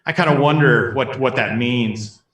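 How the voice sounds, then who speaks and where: A man's voice: mid-range voice, moderate pace, crowd noise. A man co-hosting a podcast, joking and rambling in casual chat with frequent restarts. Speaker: podcast co-host. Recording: roomy echo, distant from the mic.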